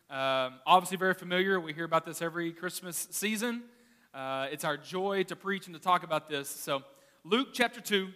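A man, a pastor, preaching a sermon in an animated, conversational way, telling stories. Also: high-pitched. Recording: reverberant hall.

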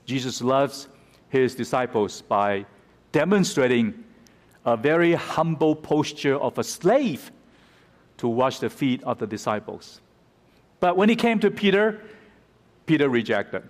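A man's voice: medium pitch, lively intonation, measured pace, long pauses. Man preaching in an echoing hall. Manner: expository, dramatic when quoting scripture. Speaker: pastor. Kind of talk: sermon. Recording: reverberant hall.

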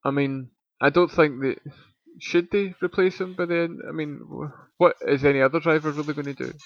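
A man's voice: on the high side, steady tone, normal speed, no room sound, muffled recording. A man co-hosting a casual podcast, talking through race analysis with dry, teasing humor. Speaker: podcast co-host. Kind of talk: casual chat.

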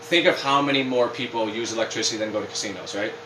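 A podcast co-host rambles, swears, and rants in an animated way during a casual show. His voice is medium in pitch and fast, picked up from far off the mic with a noisy background, a roomy echo, and faint ambient sound.

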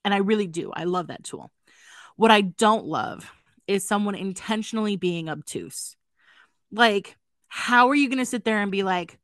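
Animated woman chatting about books. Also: mid-range voice, moderate pace, no echo, studio quality. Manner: animated, acts out characters in silly voices. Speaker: podcast co-host. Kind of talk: casual book review chat.

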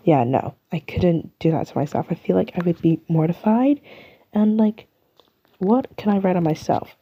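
A woman's voice: lowish voice, normal speed, husky, lo-fi sound. A young woman from the UK with an English accent, chatting and rambling through her solo podcast in a self-mocking way. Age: young adult. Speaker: podcast host. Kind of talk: casual solo podcast chat.

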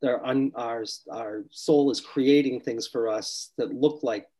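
A man with a husky, slightly breathy voice recounts a healing session in conversation. He explains each step earnestly and patiently. His pitch sits at a mid level for a man. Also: steady tone, measured pace, warm tone, rough recording. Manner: earnest, explanatory, acts out quoted speech. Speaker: spiritual healer or therapist.

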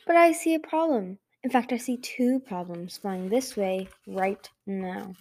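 A woman's voice: mid-range voice, a little mellow. Burn, a woman reading as a hissing dragon queen. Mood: menacing. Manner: hissing, slow and menacing. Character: massive scarred vicious female dragon queen. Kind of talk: amateur audiobook reading.

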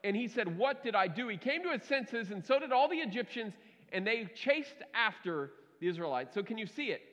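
Man, pastor, conversational emphatic sermon, high voice, long hall reverb. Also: sing-song, a little fast, a bit bright. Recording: reverberant hall, dull lo-fi sound.

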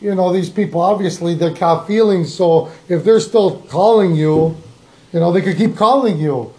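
A man's voice: high voice, moderate pace, mellow, reverberant. A young man co-hosting a podcast, telling a story in a laid-back casual way and chuckling often. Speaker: podcast co-host. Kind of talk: casual chat.

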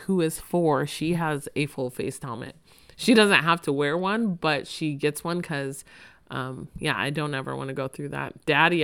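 A woman in her thirties hosts a casual podcast monologue in a lowish, fairly bright, smooth voice. She talks chattily and emotionally about family, laughing often.

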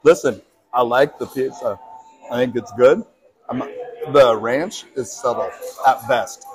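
A man's voice: medium pitch, a little slow, over music, low-quality recording. Jokey, laughing podcast co-host man. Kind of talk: casual podcast banter. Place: brewery.

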